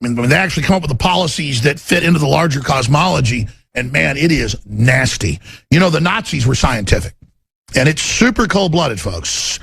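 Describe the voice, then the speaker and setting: A middle-aged man hosting a political talk radio show, delivering an intense, ranting monologue with a gravelly, husky voice. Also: expressive, a little fast, fairly bright tone. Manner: intense, ranting, swings to menacing low growls in acted quotes.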